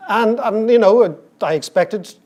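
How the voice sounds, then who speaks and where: An Irish man in his fifties, a conference speaker telling comic stories with lively, irreverent asides and casual swearing. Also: sits high, a little slow. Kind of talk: comic storytelling talk.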